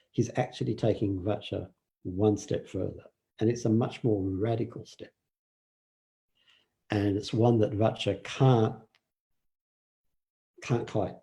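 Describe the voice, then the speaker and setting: An older man giving a relaxed dharma talk, telling stories with fillers and acted quotes. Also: lowish voice. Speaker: meditation teacher.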